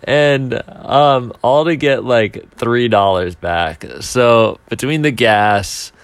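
A man's voice: medium pitch, takes it slowly, no room sound. A young man telling a casual, self-mocking story, rambling along with filler words and restarts. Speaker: speaker telling a timed anecdote.

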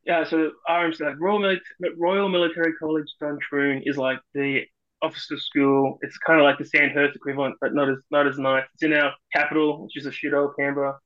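A fast-talking Australian man tells army stories with brash, profane humor. His voice is bright and forceful, and the audio comes through dull and lo-fi. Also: fairly high pitch, flat delivery. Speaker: guest, army officer. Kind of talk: casual podcast chat.

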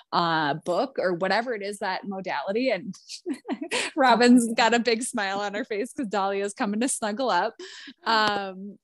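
A woman's voice: medium pitch, no room sound, clean studio sound. A woman hosting a podcast, upbeat and casual, talking to her listeners and her guest with frequent "like" and easy laughs. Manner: upbeat, says "like" often, laughs easily. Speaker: podcast host.

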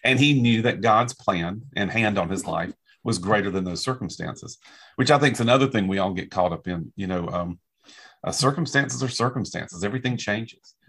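Husky low-voiced evangelist telling stories. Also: male voice, moderate pace. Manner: animated anecdotes, acts out dialogue. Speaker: traveling evangelist. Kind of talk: casual storytelling chat.

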